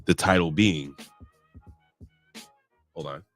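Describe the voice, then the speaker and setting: Hoarse, cussing deep-voiced male host. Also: takes it slowly, soft background music. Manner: profane, rambling, joking. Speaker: podcast host. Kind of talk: casual wrestling review chat.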